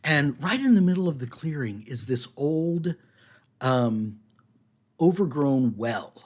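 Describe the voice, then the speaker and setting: A man narrating as game master of a tabletop game, slow and hesitant with many fillers. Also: on the high side, expressive, darkish tone.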